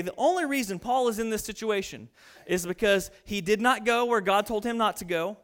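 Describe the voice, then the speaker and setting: High-voiced man preaching with humor. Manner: storytelling, humorous and animated. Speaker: pastor. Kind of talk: sermon with Bible reading.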